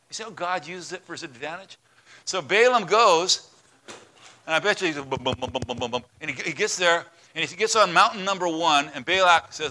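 A man's voice: fairly high pitch, fairly quick, pushed and bright. A man preaching a sermon as a pastor, telling a story and acting out its voices.

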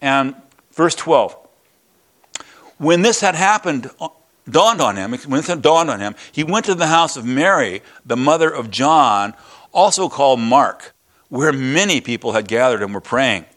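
A man's voice: mid-range voice, measured pace. An older man preaching a sermon, retelling a Bible story and a personal anecdote, acting out the quoted voices with chuckles. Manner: lively, acts out the scenes with quoted voices and chuckles. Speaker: pastor.

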